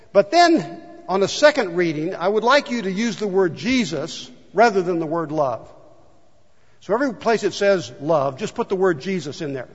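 A male pastor preaching a conversational sermon in a church, asking the congregation questions and leading a prayer. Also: sits high. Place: church sanctuary. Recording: dull sound with long hall reverb.

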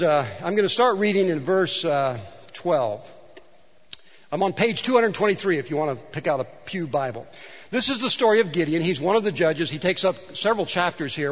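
A middle-aged man preaches from the pulpit in a high voice, chatty and joking, often restarting his sentences. His voice is a little muffled and rings in a large church with long reverb. He talks to the congregation as if in conversation. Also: a bit bright. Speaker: pastor. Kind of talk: sermon. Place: church sanctuary. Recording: dull sound in a large reverberant hall.

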